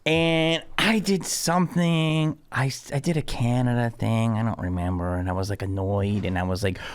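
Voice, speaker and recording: A man's voice: mid-range voice, moderate pace, clear, resonant tone. A male comedian, a podcast guest, telling stories in casual chat and acting out the people in them. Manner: animated, storytelling with acted-out quotes.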